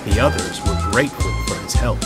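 A man narrating a children's railway story with a measured, expressive reading. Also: mid-range voice. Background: background music.

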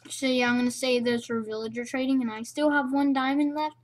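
A young woman with a slightly high voice rambles playfully through her gameplay, talking half to herself. The sound comes from a cheap, low-quality microphone. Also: little pitch movement, a little fast. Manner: rambling, playful, self-chatting. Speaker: gamer. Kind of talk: casual game commentary.

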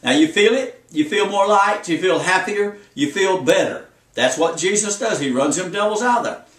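High-voiced old preacher, echoey. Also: male voice, animated, moderate pace, fairly bright tone, recorded from a distance. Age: 70s. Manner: folksy, repetitive, exhorting. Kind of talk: folksy sermon.

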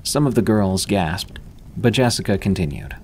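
A man reading first-person horror stories aloud as scripted narration, in a steady, measured delivery. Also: lowish voice, a little hiss or hum.

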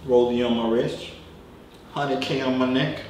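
A man's voice: mid-range voice, steady tone, unhurried, a little mellow. A young man hosting a casual reaction vlog, bragging and joking in slangy banter. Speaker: host. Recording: very echoey room with faint hiss.

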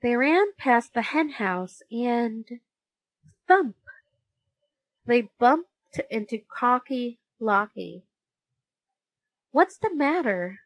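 Woman storyteller for kids' read-aloud, slow and lilting, dry recording. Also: a little high, no echo, low-quality recording. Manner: very slow, lively, sing-song delivery.

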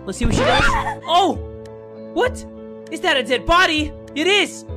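A man giving crude, comedic let's-play commentary, loud and mocking and often shouting. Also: very high voice, sing-song, moderate pace. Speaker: gameplay commentator. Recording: game music loud under voice. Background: game music.

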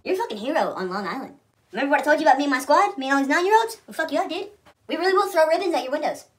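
A man's voice: very high voice, expressive, rapid-fire, fairly bright tone, voice pushed up. A man voicing a self-righteous, deer-loving activist in a mocking, swearing comedy skit.

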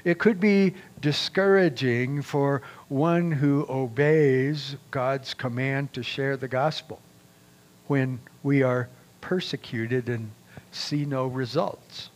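A man preaching a sermon as pastor, reading scripture aloud with raised emphasis in a deliberate, measured way. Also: medium pitch.

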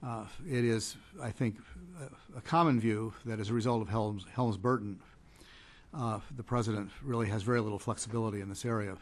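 A male trade policy advocate offers panel remarks at a conference, careful and halting, full of fillers and false starts. His voice sits fairly low and holds a steady tone.

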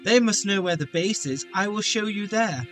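A man's voice: high-pitched, animated, normal speed, fairly bright tone, soft background music. A man voicing a frightened captive soldier who begs for mercy and explains himself apologetically. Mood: pleading. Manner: pleading, apologetic.

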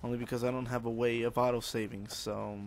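Young man, let's play commentary, rambling and jokey, mid-pitched voice, faint hiss. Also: level tone, fast. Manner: rambling, joking, talks to himself and the game. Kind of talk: casual gameplay commentary.

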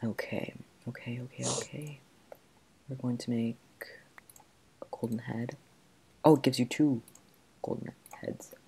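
A man's voice: medium pitch, fairly even intonation, measured pace, gravelly, pauses often, a little mellow, breathy edge. A man giving gameplay commentary, frantically talking to himself as he plays. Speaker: gamer.

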